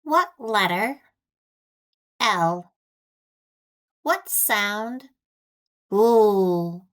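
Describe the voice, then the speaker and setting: American woman teaching phonics, super slow, says every word twice, very clear. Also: medium pitch, expressive, a bit bright. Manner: deliberate, repeats each word with long pauses. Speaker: ESL teacher.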